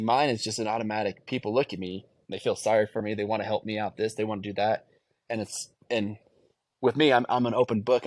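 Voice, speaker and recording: A man's voice: on the low side, dry recording. A man in his thirties, a guest in an interview, talking earnestly and reflectively and often restarting his phrases. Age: 30s. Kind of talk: candid conversational interview.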